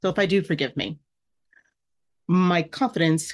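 Candid lower-voiced woman podcast host. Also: moderate pace. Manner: candid, emotional, self-reflective. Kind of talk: personal podcast monologue.

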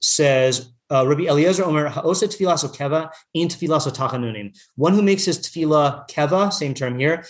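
A man's voice: fairly high pitch, a little fast, few pauses. Man teaching a casual text study. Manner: chatty, full of fillers, reads Hebrew text then translates. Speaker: Torah teacher.

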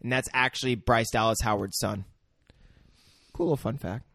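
A man's voice: medium pitch, steady tone, moderate pace, gravelly, a bit bright, no echo, studio quality. A man in casual conversation, telling a rowdy school story and tossing in chatty, profane asides.

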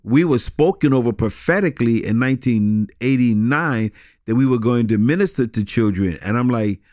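A pastor, a man, talks through his memories in a relaxed interview. His speech halts and circles back on itself, with frequent laughter. The sound is dry and close, with no room echo. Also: medium pitch. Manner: halting, repeats words, laughs often. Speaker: pastor and guest. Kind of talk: casual conversational interview.

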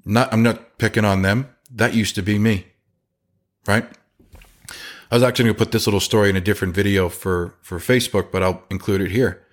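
A man's voice: lowish voice, a little fast. A man who runs a chimney sweep company, talking casually on a podcast and acting out the people in his stories. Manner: animated storyteller, acts out quotes.

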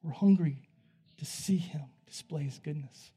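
A man delivers a sermon in an easy, conversational manner, as if talking to friends. His voice sits slightly high, with a warm, mellow tone and a husky, breathy edge. He drops to near-hushed passages and then rises to loud, excited ones. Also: a little slow. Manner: conversational, animated storytelling that swings from hushed to loud. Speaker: preacher. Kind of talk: sermon with storytelling.

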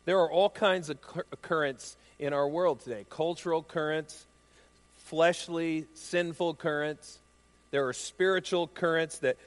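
A man's voice: fairly high pitch, in a large hall. A middle-aged male pastor delivering an earnest, emphatic sermon, pressing hard on key phrases. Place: church.

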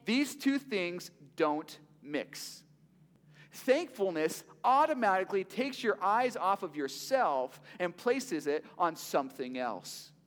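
Man preaching, pastor, high and animated voice, rhetorical questions, long hall echo. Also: slow. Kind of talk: sermon.

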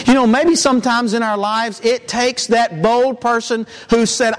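A man's voice: very high voice, steady tone, a little slow, hardly any pauses. A man preaching a sermon in a church, in an earnest, conversational way with frequent restarts.

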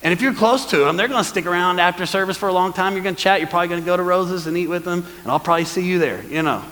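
A man preaching a sermon as pastor, lively and calling on the congregation to answer back. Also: high voice, very fast, big-room sound, a little hiss or hum, low-quality recording. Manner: lively, calls for congregation responses. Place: church hall.

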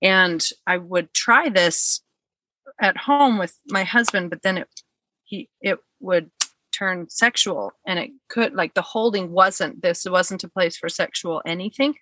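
A woman's voice: fairly low pitch, a little slow, sharp tone, dry recording. A woman telling a personal story in casual chat, earnest and heartfelt, acting out what people said. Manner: earnest, heartfelt, acts out quotes.

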